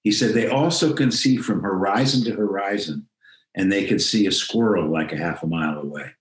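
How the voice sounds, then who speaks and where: Older male guest, lowish voice, reflective storyteller who voices the people he quotes; roomy video call sound. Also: brisk. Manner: reflective, acts out quoted dialogue. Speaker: interview guest. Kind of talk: storytelling in a remote interview.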